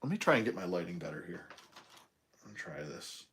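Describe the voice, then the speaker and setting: A man's voice: low voice, sing-song, vocal fry, fairly bright tone. A man chatting casually while unboxing toys at home, rambling through stories and laughing often. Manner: rambling storyteller, laughs often, drawn-out pauses. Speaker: toy collector reviewer. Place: home room.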